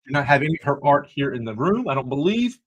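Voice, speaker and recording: Husky man hosting a Bible study stream. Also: fairly high pitch, sing-song, quick pace, poor audio. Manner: earnest, preacherly, jokey asides. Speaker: podcast host. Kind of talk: livestreamed Bible study talk.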